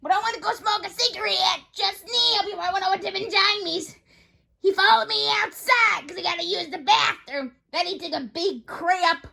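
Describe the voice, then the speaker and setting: A woman voicing a brash, rude woman neighbor who yells, in an amateur role-play video. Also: very high voice, moderate pace, vocal fry, pitched above the performer's own voice, exaggerated voice. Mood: defensive. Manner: loud, yelling, rude. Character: brash shrill woman neighbor, dog owner, smoker.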